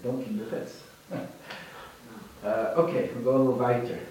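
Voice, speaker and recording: Speaking at normal speed with a steady, dark, medium-pitched voice, a man teaches students religion informally through storytelling. He tells parables, often going back over his words and starting again. A slight hiss or hum accompanies the audio, captured far from the mic in a very echoey room.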